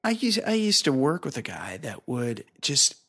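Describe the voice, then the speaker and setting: A man's voice: medium pitch, sing-song, normal speed, fairly bright tone. A man co-hosting a podcast, joking and swearing loosely in rambling chat. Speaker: podcast co-host. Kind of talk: casual podcast banter.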